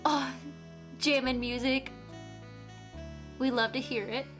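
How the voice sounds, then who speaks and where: A woman streamer comments on a game with crude, playful jokes. She talks slowly in a fairly high voice. Game music plays faintly behind her. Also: steady tone, fairly bright tone.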